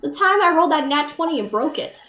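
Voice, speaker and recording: A woman player makes quick, sarcastic jokes around a tabletop game. Her voice is high and very lively, coming through a dull lo-fi mic with loud noise behind it and a roomy echo. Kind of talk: casual tabletop game banter.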